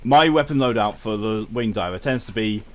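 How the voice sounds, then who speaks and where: Brief: young guy, live game streamer, crude and jokey, a slightly low voice. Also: fairly quick. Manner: crude, joking, reads out chat. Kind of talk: casual live-stream chat.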